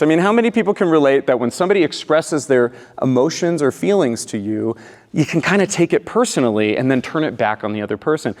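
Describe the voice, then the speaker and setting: A man's voice: fairly high pitch, quick pace. A man giving a storytelling talk at a conference, acting out scenes and leading the audience. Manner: animated, acts out scenes and leads the crowd. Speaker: conference speaker. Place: conference hall. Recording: long reverb of a large hall.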